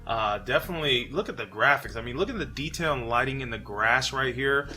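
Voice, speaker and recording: A man from New York hosting a casual gaming commentary, relaxed and chatty with frequent fillers. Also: mid-range voice, a little fast, faint music behind. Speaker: channel host.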